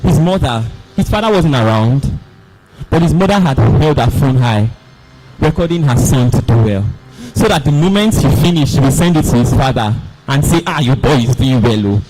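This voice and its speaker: A young man performing a dramatic spoken-word story in an animated, theatrical way. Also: on the high side, moderate pace, faint music behind, low-quality recording. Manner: animated, theatrical, voices the characters.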